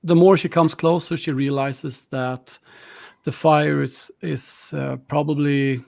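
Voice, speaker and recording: A man's voice: a little high, fairly even intonation, takes it slowly, creaky, a little mellow. A man narrating a tabletop game as game master, with hesitant fillers.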